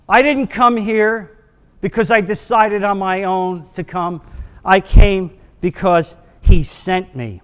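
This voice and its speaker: Emphatic high-voiced man teaching Bible class. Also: slow pace, fairly bright tone, clear, resonant tone, long reverb tail. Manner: emphatic, dramatic scripture reading.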